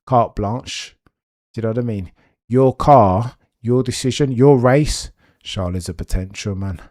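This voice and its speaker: A young man streaming live race commentary, chatty and animated, with excited bursts and muttered asides. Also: medium pitch, unhurried, no room sound, studio quality.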